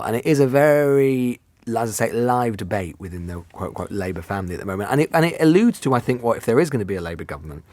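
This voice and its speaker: Rapid, low-voiced British political pundit. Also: male voice, darkish tone, no echo. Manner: fluent, rapid analytic explaining. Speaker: political journalist guest. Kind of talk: political analysis in conversation.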